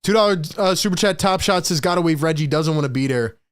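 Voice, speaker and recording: A young man hosting a fan live stream, calling the game play by play with excitable, frustrated energy and talking to his chat. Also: fairly high pitch, fast, clean tone. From Philadelphia area.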